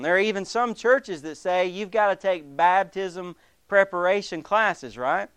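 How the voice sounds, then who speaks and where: A man preaching a sermon as pastor, emphatic and animated, acting out the voices of the people he quotes. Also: sits high, normal speed, smooth, no room sound.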